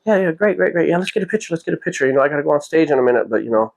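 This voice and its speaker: A man quoting a polite, insistent young male pop star in a quick, raised voice while telling a story. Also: animated, creaky, a little mellow. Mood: eager. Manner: quick, raised-pitch retelling.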